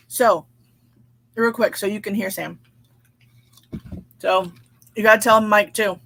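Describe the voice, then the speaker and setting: A woman hosting a relaxed livestream, chatting with viewers, laughing often and reading their comments aloud. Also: mid-range voice, slow pace, vocal fry, long pauses. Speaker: livestream host reading chat. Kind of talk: casual live chat.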